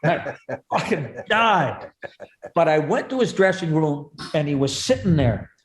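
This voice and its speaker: A man, a guest comedian, telling vivid comic stories in rapid bursts. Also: fairly high pitch, lively intonation. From Canada. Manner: rapid, vivid comic storytelling with voiced impressions. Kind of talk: animated storytelling chat. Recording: echoey room.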